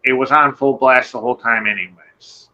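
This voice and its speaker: A man telling a personal encounter story in casual conversation, rambling and animated, swearing and acting out what people said. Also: medium pitch, moderate pace, rough recording. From Michigan. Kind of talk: casual storytelling on a live show.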